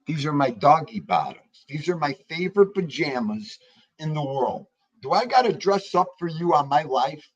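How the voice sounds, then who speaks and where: A man hosting a casual livestream, chatting loosely and greeting viewers by name with an animated, jokey manner. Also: fairly high pitch, moderate pace, husky, highs cut off. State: out of breath. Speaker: livestream host.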